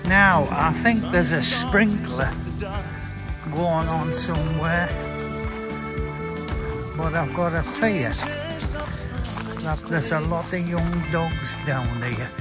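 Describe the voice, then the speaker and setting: Slow-talking man outdoors. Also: on the high side. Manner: chatty, blunt, talks to the dogs. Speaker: dog breeder. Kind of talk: casual walking vlog. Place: outdoors on a rural property with dogs.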